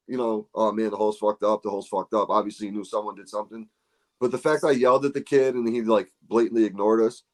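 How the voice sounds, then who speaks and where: A man hosting a golf podcast, telling stories in casual chat and swearing freely. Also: mid-range voice. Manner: animated storyteller, swears freely. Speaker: podcast host.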